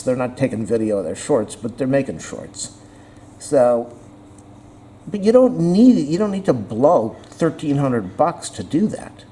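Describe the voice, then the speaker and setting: A man in the middle of the usual pitch range delivers a rambling, opinionated camera rant straight to the viewer. He is blunt and sarcastic, often stopping to restart a thought. A faint hum of room noise sits under his voice. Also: mellow. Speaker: vlogger reviewing a camera.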